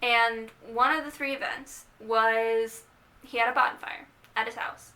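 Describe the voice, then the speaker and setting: A young vlogger recounts how she started dating, chatty and animated, quoting herself and others along the way. Her voice is a little high and unhurried.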